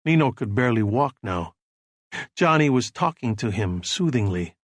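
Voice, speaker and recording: Steady male audiobook narrator, dry sound. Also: mid-range voice, normal speed, no echo. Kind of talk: scripted narration.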